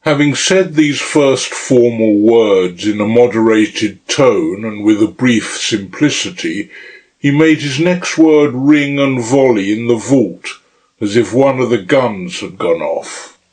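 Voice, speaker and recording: A man reading a classic novel aloud as an audiobook narrator. His pace is slow and unhurried, with a measured, deliberate delivery and a middle-range voice. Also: mid-range voice, darkish tone, poor audio. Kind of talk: scripted narration.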